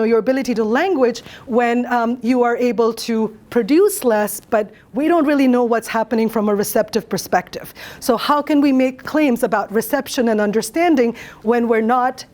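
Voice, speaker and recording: A native Bengali-speaking woman in middle age presents her academic research. Her voice sits a little high, and she talks thoughtfully and earnestly, pausing on fillers and restarting her phrases. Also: a little mellow.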